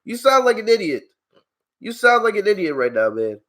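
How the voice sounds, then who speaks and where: High-voiced man ranting at his chat. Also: big pitch swings, moderate pace, a bit bright. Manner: heated, exasperated ranting; swears freely, laughs at his chat. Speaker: wrestling channel host. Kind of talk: live-stream review, talking back to chat.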